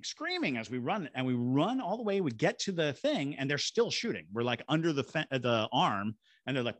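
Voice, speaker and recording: Brisk and sing-song with few pauses, a mid-range male voice carries an animated podcast story full of acted voices and sound effects. He investigates the paranormal and guides ghost tours in Savannah, Georgia; there's no echo.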